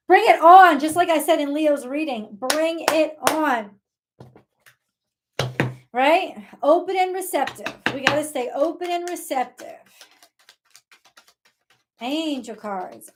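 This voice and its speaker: A woman giving a casual live tarot reading, excitable, talking to God and her viewers and swearing now and then. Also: high-pitched, slow, long pauses, noisy background. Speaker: tarot reader.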